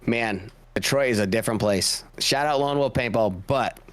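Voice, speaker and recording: A man's voice: medium pitch, moderate pace, a bit bright, dry recording. A man guest on a podcast, telling rambling, profane stories in a casual way and laughing as he goes. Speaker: podcast guest, paintball player. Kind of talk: casual storytelling.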